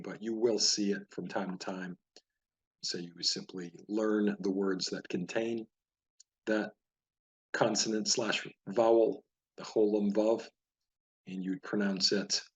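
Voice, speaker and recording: A man teaching Biblical Hebrew reading, patiently explaining and slowly repeating each word. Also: fairly low pitch, a little mellow. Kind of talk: casual spoken lesson over a page of words.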